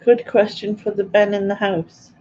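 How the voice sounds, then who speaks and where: A woman's voice: medium pitch, flat delivery, normal speed, warm tone. Giggly woman hosting a quiz. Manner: chatty, giggly, reads out viewers' answers. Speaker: quiz host. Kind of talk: casual live-stream quiz chat. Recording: dull lo-fi stream audio with faint ambience.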